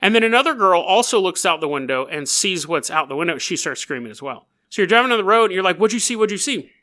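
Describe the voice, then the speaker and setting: Quick and sharp-toned, this man's high-pitched, expressive voice carries a comedic narration on his podcast. He spins a strange tale in a jokey way, giggling as he goes and wandering into riffs and tangents.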